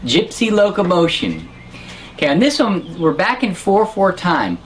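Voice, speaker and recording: A woman's voice: on the low side, huge pitch swings, a little slow, soft background music. A woman teaching harmonica in an online lesson, patiently explaining and counting beats aloud.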